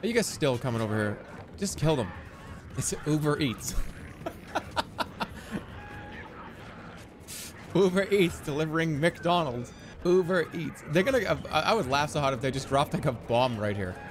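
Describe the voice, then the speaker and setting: Excitable man yelling over a game. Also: fairly high pitch, a little fast, background noise. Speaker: streamer. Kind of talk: live gameplay commentary.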